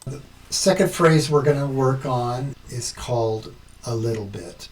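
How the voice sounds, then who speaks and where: A man hosting a language tutorial, explaining slowly and step by step as he works through his screen. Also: mid-range voice, darkish tone, recorded from a distance, low-quality recording. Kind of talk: screen-recorded tutorial narration.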